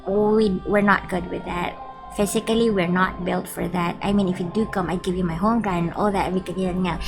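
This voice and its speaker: A young woman from the Philippines chats playfully with her live-stream viewers, giggling and reading their messages aloud. Her lowish voice is steady and brisk, with vocal fry. The low-quality recording has background music under her voice.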